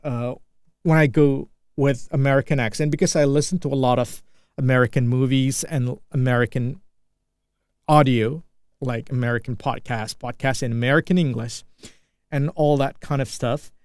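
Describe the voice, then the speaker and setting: A man's voice: mid-range voice, fairly even intonation, moderate pace, darkish tone, smooth, no room sound, studio quality. A man from Indonesia with an Indonesian accent, a native Indonesian speaker, thinking aloud in an unscripted solo vlog and often restarting and repeating phrases. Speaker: vlogger practicing English.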